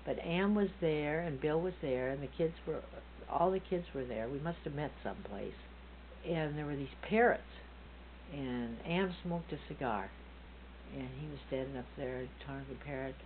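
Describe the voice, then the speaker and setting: A woman's voice: low voice, moderate pace. An older woman reminiscing casually about her family, rambling and correcting herself as she goes, laughing often. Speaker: family storyteller. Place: front porch, outdoors. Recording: tinny phone-like sound with faint hum.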